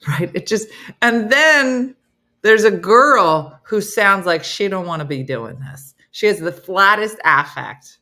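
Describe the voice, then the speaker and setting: A middle-aged woman hosting a morning comedy show, chatting casually and telling animated funny stories. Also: slow. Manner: animated storytelling, mimics voices in low growls.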